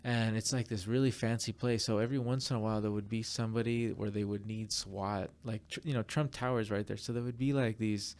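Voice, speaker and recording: A man casually telling a rambling, animated story on a podcast, full of fillers. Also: lowish voice, brisk, hardly any pauses. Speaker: podcast guest.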